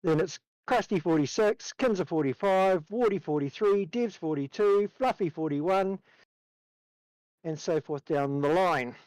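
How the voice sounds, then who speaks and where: High-voiced Kiwi man reading race points. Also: unhurried, a little mellow, no room sound, poor audio. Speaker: points announcer. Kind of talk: reading out championship standings.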